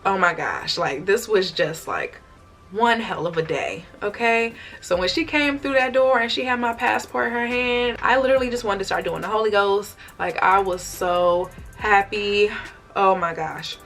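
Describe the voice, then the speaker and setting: A woman's voice: mid-range voice, moderate pace, soft background music. Chatty young woman telling a storytime. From United States. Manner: chatty, expressive retelling with acted-out quotes. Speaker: vlogger. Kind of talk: storytime vlog.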